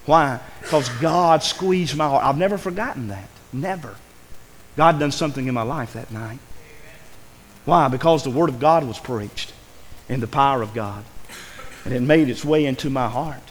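A man's voice: mid-range voice, normal speed, long reverb tail, a little hiss or hum, poor audio. A man preaching a sermon in a church, earnest and pleading, his voice rising with emotion. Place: church sanctuary.

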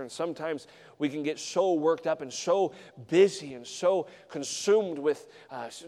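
A man preaching a sermon as a traveling missionary, swinging from hushed storytelling to loud, fervent exhortation in a church. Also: fairly high pitch, in a large hall. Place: church sanctuary.

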